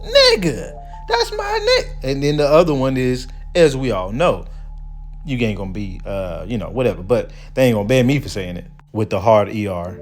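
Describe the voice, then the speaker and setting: A man hosting a commentary video, reading quoted passages slowly and then breaking into loose, casual remarks. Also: fairly low pitch, animated, a little mellow, soft background music. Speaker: video host.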